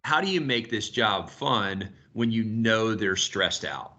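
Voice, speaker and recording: Man, 50s, sales coach, bright forceful voice, storytelling, casual swearing. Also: on the low side, lively intonation, slow pace, dull audio. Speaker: sales coach leading a team call. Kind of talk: casual group video call.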